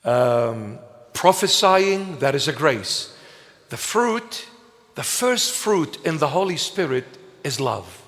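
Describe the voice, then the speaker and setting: A man preaching a sermon as a bishop, emphatic and slow, with playful asides to the congregation. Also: on the high side, very animated, fairly bright tone. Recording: long reverb of a large hall.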